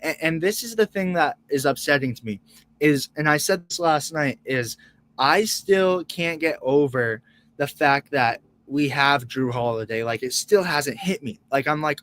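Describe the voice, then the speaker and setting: A man's voice: on the high side, expressive, measured pace, fairly bright tone. A young man reacting live as co-host of a sports fan show, emotional and rambling, restarting and repeating words.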